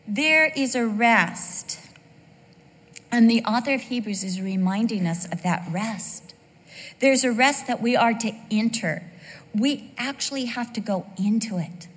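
A woman preacher delivering a sermon in an animated, joking way. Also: mid-range voice, big-room sound.

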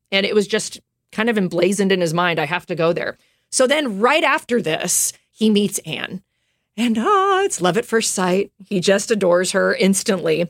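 A woman telling a story in a casual podcast chat, full of fillers, asides and quick laughs. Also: mid-range voice, dry recording, clean studio sound. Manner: chatty, lots of fillers and asides; laughs often while telling.

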